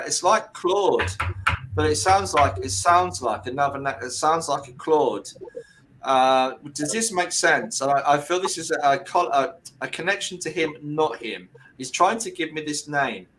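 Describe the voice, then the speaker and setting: A man working as a medium on a video call, talking in halting, self-correcting bursts and often checking whether his words make sense. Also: a little high, a bit bright, slight background noise, low-quality recording. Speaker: medium giving a reading. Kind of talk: spiritual reading on a group video call.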